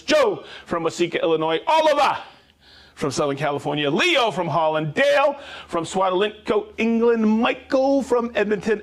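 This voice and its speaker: A man's voice: high-pitched, a bit bright. A man hosting a live stream, reading out viewers' names and hometowns in an upbeat way with whoops. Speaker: livestream host.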